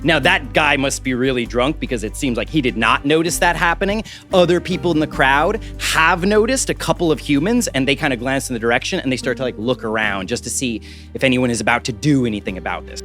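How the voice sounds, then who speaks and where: A man running a tabletop game, narrating scenes in a lively, casual storytelling way. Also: medium pitch, quick pace, soft background music. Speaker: game master.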